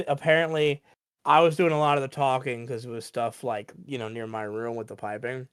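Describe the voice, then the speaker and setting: A man from Louisiana tells a relaxed, easygoing anecdote in a casual group chat. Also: medium pitch, normal speed, clean tone, no room sound.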